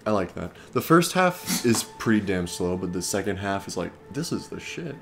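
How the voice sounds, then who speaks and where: A man's voice: low voice, sing-song, moderate pace, vocal fry, a bit bright, a little hiss or hum. A man co-hosting a casual movie commentary, laid-back and agreeable with wry remarks. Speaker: commentary co-host.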